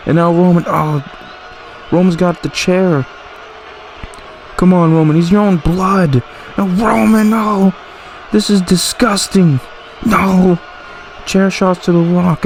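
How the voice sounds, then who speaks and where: A man giving excited play-by-play commentary over a wrestling video game, calling the action as it happens. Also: sits high, slight background noise. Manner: excited, exclamatory ringside calling.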